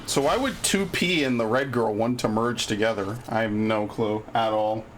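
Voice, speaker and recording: A man's voice: on the low side, moderate pace, a little hiss or hum. Profane, frustrated male game streamer. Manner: profane, easily frustrated, sarcastic. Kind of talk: live gameplay commentary.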